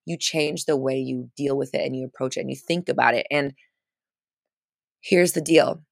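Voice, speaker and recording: A woman's voice: a bass voice, moderate pace, gravelly, dry recording, studio quality. A woman giving casual, chatty coaching on a live stream, full of fillers and restarts, stressing points by repeating phrases.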